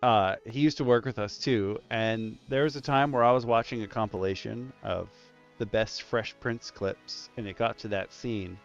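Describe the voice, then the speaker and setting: A man hosting a casual roundtable stream, telling stories with lively jumps in his voice. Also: fairly low pitch, normal speed, dull audio, soft background music. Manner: animated storyteller, voice jumps up in punchlines. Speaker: stream host, dungeon master.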